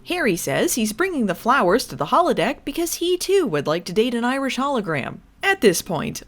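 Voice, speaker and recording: Sarcastic woman with a lively voice. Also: mid-range voice. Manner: sarcastic, swearing, jokey. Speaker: recap commentator. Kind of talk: comedic episode recap with voice impressions.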